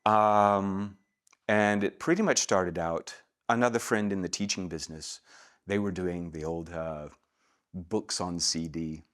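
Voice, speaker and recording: A middle-aged man from Atlanta, Georgia, working as a voice actor, telling stories in a relaxed way in a casual interview and laughing easily. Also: low voice, measured pace. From Atlanta, Georgia, USA. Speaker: guest, voice actor.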